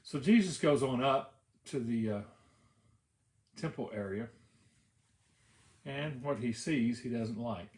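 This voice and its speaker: A man's voice: medium pitch, slow, long pauses, darkish tone, roomy sound. A pastor preaching a sermon, telling the story in an easy conversational way, often restarting his phrases.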